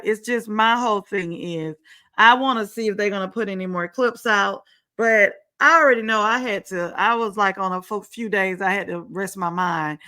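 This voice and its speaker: A woman with a slightly high, sharp voice hosts her own talk show. Her casual reality TV commentary is emphatic and repetitive, peppered with sarcasm, and captured on a home setup with screen sharing.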